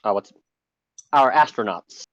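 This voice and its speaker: A man's voice: medium pitch, expressive, unhurried, a bit bright, no room sound. Male tabletop player, joking asides, muffled lo-fi mic, dry room. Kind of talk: casual game table chat. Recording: dull, dry lo-fi sound.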